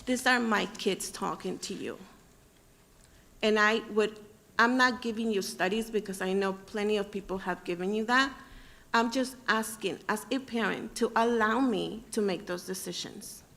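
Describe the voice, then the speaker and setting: A mother stands at the podium of a public meeting room and speaks plainly to the school board. She hesitates often and fills gaps with small pauses, and her voice sits at a middle pitch. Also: creaky, a bit bright. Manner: plain, slightly halting, with fillers. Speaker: parent speaking at public comment.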